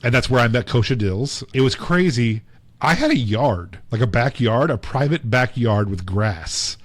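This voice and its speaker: A man's voice: medium pitch, lively intonation, moderate pace, dry recording. A man co-hosting a podcast, telling long casual stories with lots of fillers and acted-out quotes. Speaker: podcast co-host. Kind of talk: casual storytelling chat.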